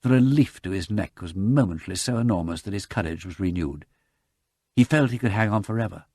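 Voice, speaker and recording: A man reading a novel aloud as an audiobook narrator, with dramatic, lively narration. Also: fairly low pitch, fairly quick, no echo, clean studio sound. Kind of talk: scripted narration.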